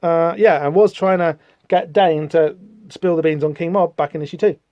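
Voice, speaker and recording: A man talking casually through a comic book, rambling with wry asides. His voice sits a little high. The recording is dry and slightly dull and lo-fi. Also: moderate pace, darkish tone, no echo. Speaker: podcast host.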